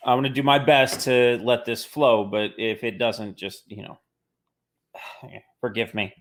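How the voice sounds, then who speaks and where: A man co-hosting a casual talk show, speaking bluntly with plenty of swearing and quick bursts. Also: mid-range voice, level tone. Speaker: podcast co-host. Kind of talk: casual chat.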